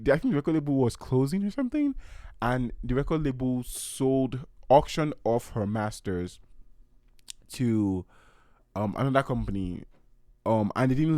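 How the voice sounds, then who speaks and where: A man hosting a solo podcast, talking through pop culture in an animated way and acting out quotes in playful voices. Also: lowish voice, no room sound, clean studio sound. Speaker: podcast host.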